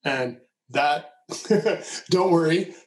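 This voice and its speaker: A man co-hosting a podcast, talking through his ideas in a measured, reflective way. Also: fairly high pitch, darkish tone, rough recording. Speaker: podcast co-host. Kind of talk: conversational discussion.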